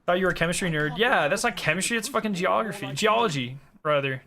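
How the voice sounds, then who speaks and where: A man's voice: high voice, expressive, fast talker, creaky, pushed and bright. A young man streaming a game, chatting casually with his viewers, joking and swearing as he laughs often. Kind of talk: casual live-stream chat.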